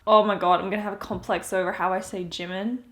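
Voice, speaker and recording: A woman's voice: mid-range voice, fairly even intonation, fast talker, soft background music. A woman in her twenties, chatty and giggly, talking casually through a collection with joking asides. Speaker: vlogger. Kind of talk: casual album walkthrough.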